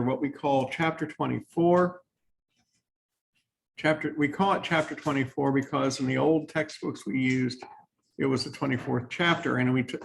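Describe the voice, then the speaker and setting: A man's voice: medium pitch, gravelly, a little hiss or hum. A man lecturing a college biology class, talking loosely with fillers, restarts and dry sarcastic asides. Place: lecture hall.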